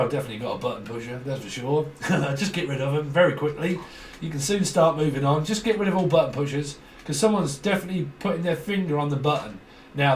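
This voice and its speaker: A man's voice: on the high side, a little mellow, slight background noise. A man giving a rambling, jokey tarot reading and laughing often. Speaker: tarot reader. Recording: roomy echo from a distant mic.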